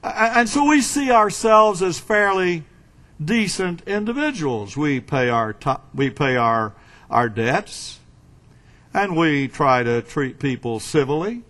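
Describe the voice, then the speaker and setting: A man preaching a sermon in a slow, emphatic way, with dramatic swings between loud and quiet. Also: fairly high pitch, lively intonation.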